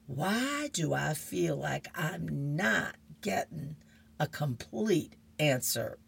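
Knowing skeptical mother, read by a woman, unhurried. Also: sits low, sing-song, gravelly, slight background noise, heavily acted.

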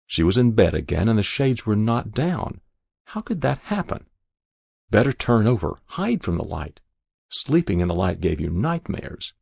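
Gravelly low-voiced man narrating a story. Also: sing-song, normal speed, darkish tone, no room sound. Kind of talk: scripted narration.

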